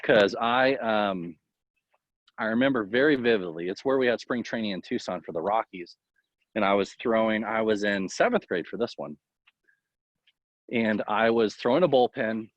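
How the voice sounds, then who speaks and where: A man who is a baseball coach, talking casually in an interview and giving tips in a rambling, animated way full of fillers. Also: lowish voice, moderate pace, dry recording. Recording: dull, lo-fi, dry sound.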